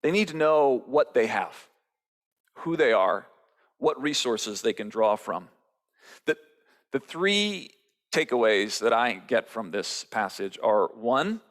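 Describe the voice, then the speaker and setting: Man, pastor, sermon, conversational storytelling, mid pitch. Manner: conversational storytelling, acting out quotes.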